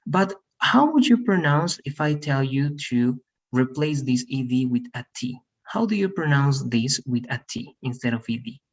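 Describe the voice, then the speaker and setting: Encouraging male pronunciation teacher, lively pitch. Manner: encouraging, corrective, repeats words slowly. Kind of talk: online one-on-one lesson. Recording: dull lo-fi online call audio.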